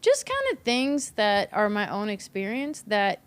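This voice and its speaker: A woman's voice: medium pitch, wildly swooping pitch, unhurried, clean tone. A woman from Kentucky with a Southern accent, a comedian chatting candidly on a podcast, laughing through her stories and swearing casually. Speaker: comedian guest.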